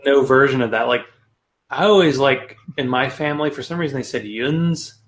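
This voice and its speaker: A male podcast host chats in a relaxed, rambling way, with many "like" fillers. His voice sits in an ordinary middle range. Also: medium pitch, moderate pace. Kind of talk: casual chat.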